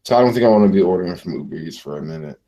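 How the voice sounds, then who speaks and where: A man's voice: deep voice, lively intonation, rapid-fire, dark tone, poor audio. A young man chatting casually to his viewers in a rambling, offhand vlog. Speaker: vlogger.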